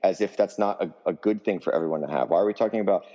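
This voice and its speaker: A man speaks with heated, emphatic conviction, swearing freely as he pushes his points in an interview. His voice sits low and dark. The recording trails off in a long reverb. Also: rapid-fire, lo-fi sound. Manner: fired up, profane, emphatic ranting. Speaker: musician guest.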